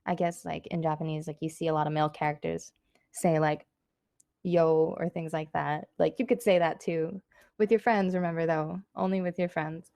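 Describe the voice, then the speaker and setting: A woman giving a casual online language lesson, chatty and loose with lots of fillers, saying practice phrases slowly and clearly. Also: low voice, steady tone, mellow, no echo, clean studio sound. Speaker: Japanese language teacher.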